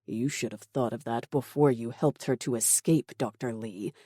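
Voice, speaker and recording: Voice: medium pitch, normal speed, mellow, husky, no room sound, studio quality, lightly acted. A cold, menacing commander, as a narrator voices him. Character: ruthless calm male military commander.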